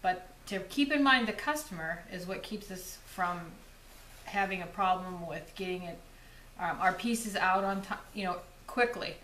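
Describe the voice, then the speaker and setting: A woman's voice: fairly low pitch, normal speed, a bit bright, a little hiss or hum. A woman co-hosting a jewelry channel, chiming in agreeably in casual chat. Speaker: co-host. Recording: echoey room.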